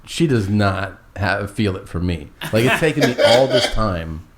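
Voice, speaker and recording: A man with a very deep voice spins a casual, meandering anecdote, swearing freely. He acts out each exchange with "I was like" quotes. A faint hiss sits under the voice. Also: lively intonation, a little slow. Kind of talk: casual storytelling chat.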